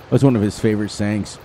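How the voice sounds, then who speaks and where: A man's voice: on the low side, dark tone, a little hiss or hum. A man with an upstate New York accent giving chatty gameplay commentary, laughing often and breaking into bits of song. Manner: chatty, quick to laugh, sings snatches of songs. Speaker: gaming channel host.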